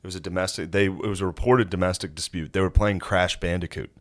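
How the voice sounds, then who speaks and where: Deep-voiced man co-hosting a podcast, laid-back, dry and profane. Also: fairly even intonation, fast. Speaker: podcast co-host. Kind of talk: casual chat.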